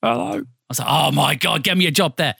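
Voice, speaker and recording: A man's voice: fairly high pitch, fast, creaky, breathy edge, no echo, clean studio sound. A man with a Northampton accent, a radio presenter, telling stories animatedly in a casual interview and swearing freely. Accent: Northampton English. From England. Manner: animated storyteller, acts out voices, swears freely.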